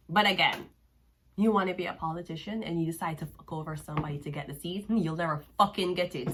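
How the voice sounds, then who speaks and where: A woman's voice: on the low side, quick pace, background noise. A woman with a Jamaican accent giving a tarot reading, cursing and mocking the listener as she talks. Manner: profane, mocking and sassy, with frequent laughs. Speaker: tarot card reader.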